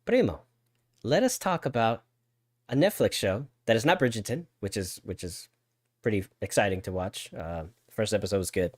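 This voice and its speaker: Male podcast co-host, casual chatter, low voice, dry close sound. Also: fairly quick, no echo. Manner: chatty, stammers and repeats words, reads chat aloud. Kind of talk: casual live-stream chat.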